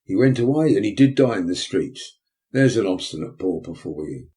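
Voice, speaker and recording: Pompous loud beadle guy, huffy and self-important, dark voice, a man putting him on. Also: low voice, expressive, normal speed. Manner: blustering, indignant, loud.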